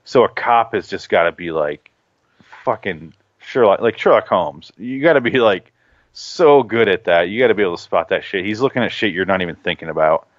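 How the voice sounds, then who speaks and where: A man with a lowish voice rambling through a casual podcast chat, often breaking into laughs. The sound is dull and dry, with no room to it. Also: expressive, fairly quick, no echo.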